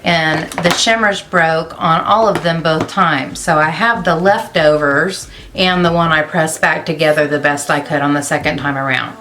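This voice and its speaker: Chatty low-voiced woman vlogger. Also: fairly even intonation, moderate pace, few pauses, fairly bright tone, slight background noise. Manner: chatty, rambling, self-amused. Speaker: beauty vlogger. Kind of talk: casual makeup vlog chat.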